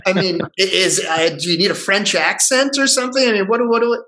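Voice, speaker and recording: Middle-aged man, guest storyteller, raised voice, bright tone, lively and chatty. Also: sits high, brisk, low-quality recording. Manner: animated, acts out the voices of people in his story. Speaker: guest actor telling a story. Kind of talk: casual storytelling.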